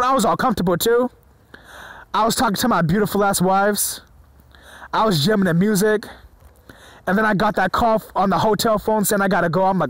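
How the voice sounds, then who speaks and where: A man preaching to his viewers in an excited, informal way, often stumbling over his words and swearing freely. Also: high voice, brisk, no room sound, low-quality recording. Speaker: religious video preacher. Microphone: phone or screen recorder mic.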